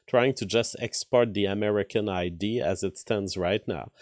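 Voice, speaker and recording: A man's voice: on the low side, no echo, studio quality. A man with a French accent, a native French speaker, commenting on the news live and answering chat, thinking aloud with many fillers and restarts. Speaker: streamer covering news.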